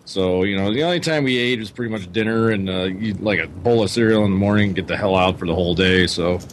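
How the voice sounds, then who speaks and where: A man's voice: low voice, fast talker, slight background noise. A man on a podcast rambling about his childhood, filling his speech with 'you know' and 'like'. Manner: rambling, many you-knows and likes. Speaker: podcast co-host. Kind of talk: casual chat.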